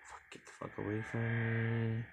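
A man's voice: mid-range voice, measured pace, music in the background. A man giving gameplay commentary on a horror game, swearing often and reacting in jumpy outbursts. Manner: profane, jumpy, excitable reactions. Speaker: gamer.

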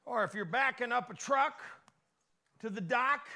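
Bright, gravelly-voiced preaching pastor, Midwestern American. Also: male voice, extremely high pitch, expressive, measured pace. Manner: folksy preaching with call-and-response asides. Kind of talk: sermon.

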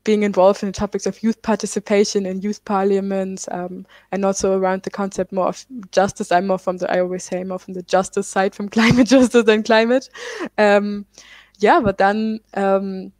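A young woman from Germany in her twenties speaks on a panel about her activism. Her delivery is loose and easygoing, full of fillers and quick self-corrections. Her voice sits at a middle pitch and sounds close and dry, with no room around it. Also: level tone, a little mellow, no room sound. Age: 20s. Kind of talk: panel talk.

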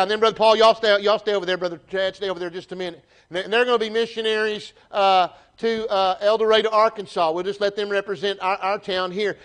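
A man with a Southern US accent preaching a sermon to his church, folksy and animated, often restarting his phrases. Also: sits high, smooth. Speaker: pastor. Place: church sanctuary.

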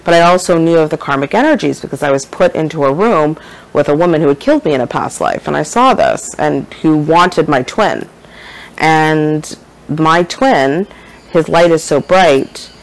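A woman's voice: deep voice, expressive, moderate pace, low-quality recording. A woman speaking as a shaman and spiritual teacher in a casual spiritual monologue, rambling and earnest, often checking in with her listeners.

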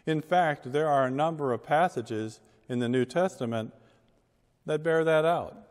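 A man's voice: fairly high pitch, measured pace. Man preaching in a reverberant church. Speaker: pastor. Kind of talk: sermon with scripture reading. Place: church sanctuary.

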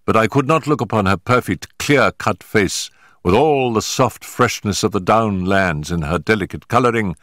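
An older man narrates a story in a low, measured voice with a grave, unhurried weight. The recording is close and dry, with no room sound. Every sentence is delivered with deliberate storytelling care. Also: a bit bright, no echo. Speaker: audiobook narrator. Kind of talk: scripted narration.

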